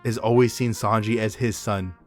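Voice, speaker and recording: A young man hosting a casual podcast chat, telling animated stories in slangy, profane talk. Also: fairly low pitch, moderate pace, soft background music. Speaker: podcast host.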